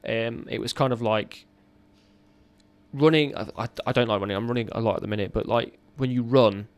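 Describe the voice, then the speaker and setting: Brief: man, 30s, gravelly voice, candid halting storyteller, mid pitch. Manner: raw, earnest, halting with restarts. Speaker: podcast guest, ex-serviceman.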